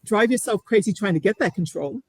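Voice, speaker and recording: A woman's voice: medium pitch, lively intonation, brisk, breathy edge, no room sound, low-quality recording. A middle-aged woman, a guest on an interview show, speaking earnestly and reflectively, often restarting her sentences. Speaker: guest sharing her story. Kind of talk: candid interview.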